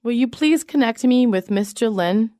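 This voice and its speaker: A woman reading business English sentences aloud in a measured, clearly enunciated way. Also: a little high, lively intonation, warm tone, no echo, clean studio sound. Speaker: English phrase reader. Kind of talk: slow read-aloud example sentences.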